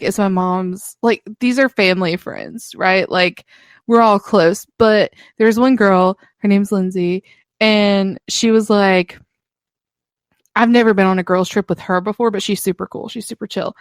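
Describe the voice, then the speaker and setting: A woman's voice: mid-range voice, normal speed, dry recording. A young woman co-hosting a podcast in casual chat, laughing often and swearing freely. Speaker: podcast co-host.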